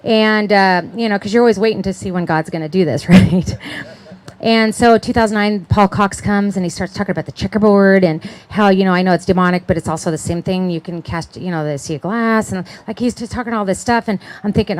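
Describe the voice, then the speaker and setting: A woman's voice: medium pitch, expressive, a little fast, darkish tone. A middle-aged woman giving a chatty, conversational sermon at a conference, often checking in with her listeners and laughing. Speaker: conference speaker.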